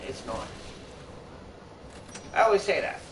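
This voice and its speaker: A man's voice: high voice, very animated, a little slow, noisy background. A young man live-streaming, chatting casually to his viewers in a rambling, repetitive way that keeps restarting its sentences. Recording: echoey room, far from mic.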